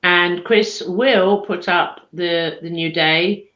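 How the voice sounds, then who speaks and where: A woman's voice: on the low side, slow pace, a bit bright. A woman co-hosting a casual live chat show, chatty and teasing, laughing often. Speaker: co-host. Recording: echoey room, dull lo-fi stream audio.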